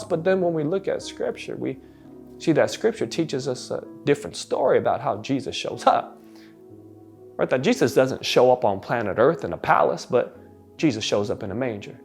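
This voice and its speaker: A pastor preaching a sermon, rising to emphatic peaks and dropping soft, with many repeated, stammered starts. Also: male voice, medium pitch, big pitch swings, normal speed, vocal fry, faint music behind. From United States.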